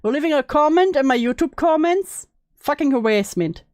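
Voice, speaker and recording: A woman streamer chatting casually and bluntly while reacting to videos, sarcastic and quick to swear. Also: high voice, animated, darkish tone, dry recording, studio quality. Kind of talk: casual live-stream chat.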